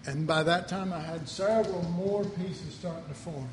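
Brief: male preacher with a high voice, emphatic and chatty, echo of a large hall. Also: normal speed. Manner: emphatic, conversational, acts out his own inner dialogue. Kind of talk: sermon, Bible teaching. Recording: hall reverb with faint background noise.

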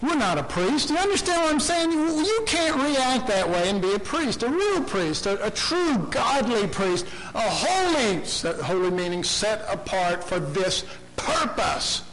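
A man preaching a sermon, dramatic and impassioned, swinging from soft asides to loud shouts. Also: high-pitched, very animated, unhurried, a little hiss or hum, poor audio.

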